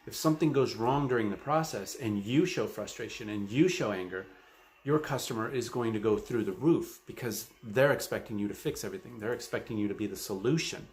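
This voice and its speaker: A man's voice: fairly low pitch, brisk, darkish tone. A man giving a motivational sales training talk, earnest and coaching, with frequent fillers like "um" and "you know.".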